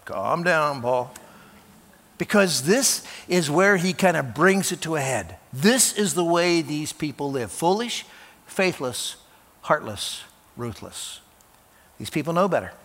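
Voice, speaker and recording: A man's voice: on the high side, fairly bright tone, in a large hall. A man preaching a sermon as pastor, talking in a conversational way, restarting and repeating words and building to emphatic stresses.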